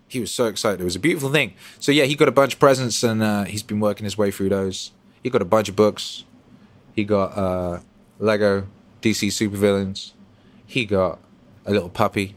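Profane, animated man hosting a stream. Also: on the low side, normal speed. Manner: profane, animated, swinging between loud bursts and mumbles. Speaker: livestream host reading chat. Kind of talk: casual livestream chat.

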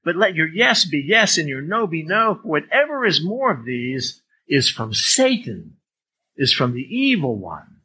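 A man's voice: fairly high pitch, big pitch swings, a little slow, sharp tone, slight background noise, low-quality recording. A man preaching a conversational sermon as a pastor, reading verses and acting out everyday speakers. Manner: conversational, acts out swearing speakers in a raised voice.

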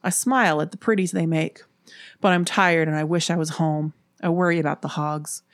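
A woman from Appalachia, host of the show, narrating a spooky story in a steady, measured way. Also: low-pitched, dry recording, clean studio sound.

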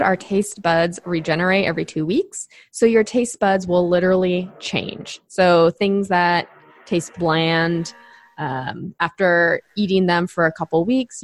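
A woman co-hosting a podcast, explaining nutrition to clients in a chatty way with lots of fillers. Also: on the low side. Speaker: podcast co-host, nutrition coach. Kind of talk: casual podcast chat.

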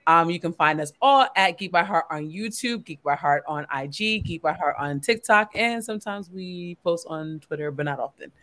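A woman's voice: lowish voice, expressive, moderate pace, hardly any pauses, a bit bright. A woman introducing herself as a podcast guest, hesitant and full of ums. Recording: background noise.

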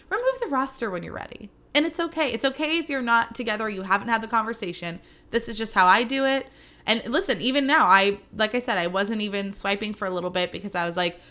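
A woman around thirty hosting a podcast, chatting casually and telling animated stories with quick asides. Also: on the high side. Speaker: podcast host. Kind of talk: casual solo podcast chat.

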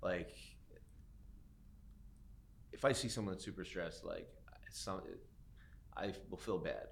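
Deep-voiced male host, chatty and rambling, sets up hypotheticals. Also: slow, gravelly. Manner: rambling questions, acts out little scenes, laughs easily. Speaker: podcast host. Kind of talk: casual interview chat.

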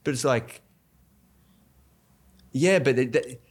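A man with an Australian accent, a comedian guest chatting casually, animated and slipping into mock voices. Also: mid-range voice, takes it slowly, breathy edge. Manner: animated, mimics voices, many restarts. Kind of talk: casual podcast chat.

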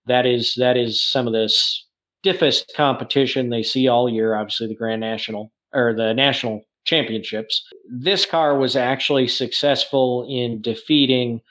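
A man's voice: medium pitch, fairly even intonation, normal speed, a bit bright. A man co-hosting a podcast, explaining things in detail in a casual, informative way, with frequent small restarts. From Northern United States. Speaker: podcast co-host, car museum expert.

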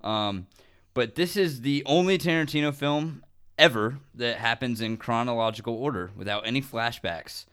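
A man's voice: mid-range voice, moderate pace, a bit bright, smooth. A man co-hosting a podcast, chatting casually and eagerly about movie trivia, with many "um"s and "like"s. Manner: enthusiastic, trivia-loving, fillers like "um" and "like". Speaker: podcast co-host.

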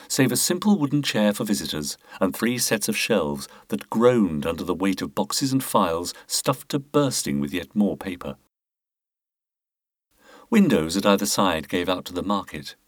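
A man reads a detective story aloud in an expressive, scripted style. His voice sits low but moves through a lively range of pitch. The recording is dry and close to the mic. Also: no echo. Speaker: narrator. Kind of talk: scripted audiobook narration.

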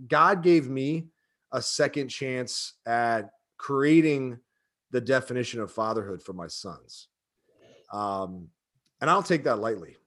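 A man's voice: mid-range voice, unhurried, a bit bright. A man in his thirties talking casually and emotionally, with lots of fillers and rambling asides. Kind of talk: casual chat.

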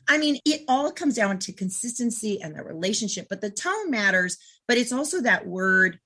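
Bright-voiced woman dog trainer. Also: a little high, normal speed, hardly any pauses. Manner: lively, acts out commands and client voices. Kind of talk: casual conversation.

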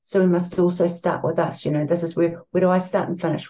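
New Zealand woman guest, warm dark tone, gentle and spiritual, muffled remote line. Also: lowish voice, fairly even intonation, fast talker. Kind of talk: reflective conversational chat.

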